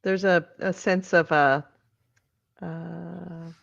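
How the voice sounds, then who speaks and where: A woman co-hosting a casual gaming podcast, with quick asides and easy back-and-forth. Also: lowish voice, creaky, no echo, dull audio. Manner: relaxed listener, quick asides and backchannels. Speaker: podcast co-host.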